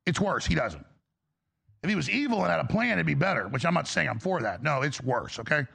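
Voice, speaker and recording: A man's voice: a little high, big pitch swings, brisk, creaky, fairly bright tone, breathy edge. A man hosting a call-in talk show, rambling in a conspiratorial way and acting out quotes.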